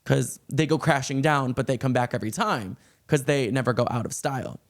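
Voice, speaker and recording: Gushing pop culture vlogger with vocal fry. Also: male voice, medium pitch, brisk. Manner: breathless, gushing, reads song lyrics aloud. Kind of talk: excited celebrity gossip vlog.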